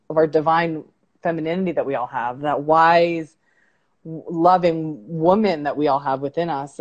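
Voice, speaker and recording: A woman's voice: low-pitched, darkish tone. A woman life coach speaking earnestly in a conversational interview, telling stories and reflecting on self-talk.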